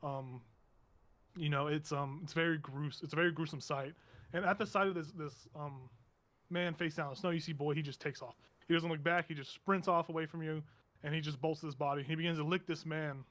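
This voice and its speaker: Halting game master, man. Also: a little high, fairly even intonation, a bit bright. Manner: meandering, halting, self-correcting. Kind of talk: narrating a tabletop game.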